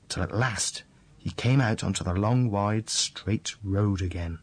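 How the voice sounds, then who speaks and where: A man reads a children's fairy tale aloud in a slow, unhurried way. His voice is husky and slightly low, with a deliberate, repetitive storyteller's rhythm.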